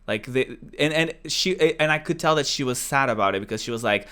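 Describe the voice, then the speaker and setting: A young man from Portugal hosts a casual chat, speaking at an ordinary middle pitch. His voice is smooth and clear, and he rambles, with many fillers and restarted sentences. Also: fast, few pauses, bright, forceful tone. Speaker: podcast host.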